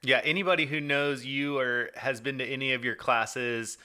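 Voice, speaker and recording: A man's voice: medium pitch, fairly even intonation, normal speed, pushed and bright, clear, resonant tone. A man hosting a casual interview, chatting enthusiastically and laughing along. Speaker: host.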